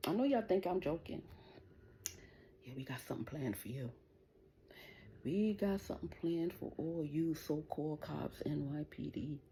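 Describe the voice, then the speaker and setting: A woman's voice: deep voice, normal speed, long pauses, warm tone, slight background noise. Profane, taunting woman ranting on a livestream. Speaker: livestream host. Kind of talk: angry livestream rant.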